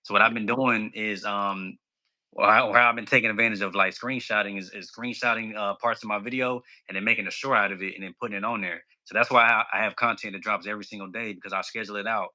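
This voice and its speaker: A man's voice: lowish voice, fairly even intonation, fast, pushed and bright. A bubbly, extroverted man chatting casually as a podcast guest. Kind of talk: casual chat.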